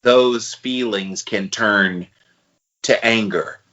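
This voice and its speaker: A man in his forties co-hosting a podcast, thinking out loud and steering the chat with questions. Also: lowish voice, very slow, dull audio, background noise. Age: 40s. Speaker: podcast co-host.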